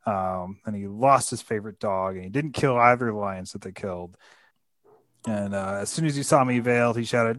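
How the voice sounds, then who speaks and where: Male podcast host, low voice, thoughtful and halting, dry recording. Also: fairly bright tone, no room sound, soft background music. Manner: thoughtful, many fillers and restarts. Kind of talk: casual book discussion.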